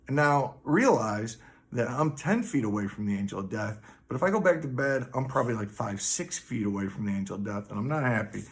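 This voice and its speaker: A man's voice: medium pitch, lively intonation, a little fast. A man vlogging, telling a story to camera in a rambling, profane way with many fillers.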